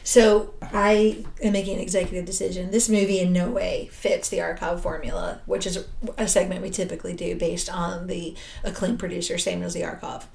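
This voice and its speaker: A woman co-hosting a podcast, talking in a low, gravelly register. She chats casually and muses over her thoughts slowly and deliberately. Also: flat delivery, darkish tone, echoey room. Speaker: podcast co-host. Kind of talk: casual chat.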